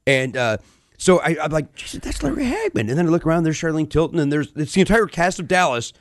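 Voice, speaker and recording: A man's voice: fairly high pitch, quick pace, no echo, studio quality. A man guesting on a podcast, telling comedic stories in a rambling, self-correcting way. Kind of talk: casual comedic storytelling.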